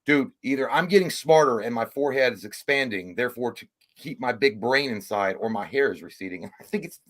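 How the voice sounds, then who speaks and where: A man's voice: medium pitch, lively intonation, fairly quick, a bit bright. Storytelling man. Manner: storytelling, swearing, self-mocking. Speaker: podcast co-host. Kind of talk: casual live-stream chat.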